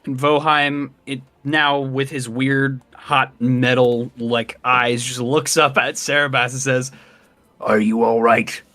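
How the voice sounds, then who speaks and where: A man playing a tabletop game who describes his character's moves in an excited, rambling way. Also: mid-range voice, takes it slowly, few pauses. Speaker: player. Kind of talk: casual tabletop play.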